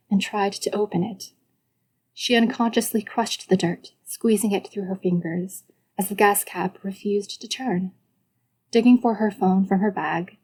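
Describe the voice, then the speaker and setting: Brief: woman narrator, calm steady storyteller for an audiobook. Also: mid-range voice, breathy edge.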